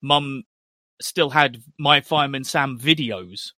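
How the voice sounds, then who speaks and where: A middle-aged man co-hosting a casual chat, animated and quick to break into mimicry. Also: mid-range voice, dry recording, clean studio sound. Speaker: podcast co-host.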